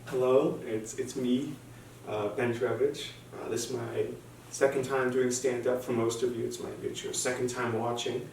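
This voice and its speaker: A man's voice: mid-range voice, steady tone, normal speed, gravelly, darkish tone. A young man doing a stand-up set, self-deprecating and hesitant, with frequent restarts. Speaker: stand-up comic. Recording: very echoey room, distant mic, faint hum.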